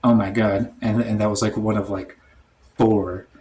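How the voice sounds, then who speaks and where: A man telling a comic story in a rambling, deadpan way, full of "like" and "um". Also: on the low side, moderate pace, slight background noise. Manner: rambling, heavy on "like" and "um". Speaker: storytime comedian. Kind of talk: comedic storytime monologue.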